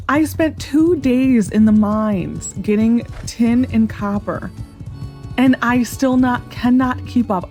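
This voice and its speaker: Woman, let's-play host, rambling and giggly, higher voice. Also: a little mellow. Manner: chatty, rambling, laughs often. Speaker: gaming video host. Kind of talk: casual let's-play commentary.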